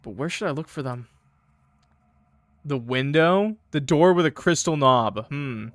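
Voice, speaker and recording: A man with a fairly high, animated voice streams a game, reading its text aloud in first person at an unhurried pace. He breaks off for joking asides to his chat, and there is no echo.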